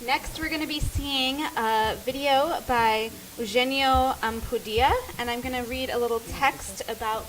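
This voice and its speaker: High-voiced woman hosting a live event. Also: fairly even intonation, unhurried, few pauses, fairly bright tone, a little hiss or hum, poor audio. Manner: informal, introduces and reads descriptions. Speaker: event host. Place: live art event venue. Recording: live venue with crowd.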